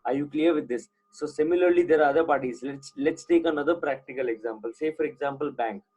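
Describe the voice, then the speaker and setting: Talking fast in a voice on the high side, a little mellow and slightly rough, an Indian-accented accounting lecturer runs a live online class. He goes back and forth between English and Hindi and checks often that students follow. The recording is rough.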